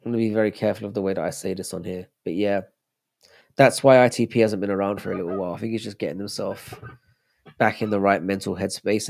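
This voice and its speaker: A man's voice: low-pitched, creaky, a little mellow. A young man hosting a casual live stream, chatting loosely and answering viewers' messages as he reads them out. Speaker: livestream host.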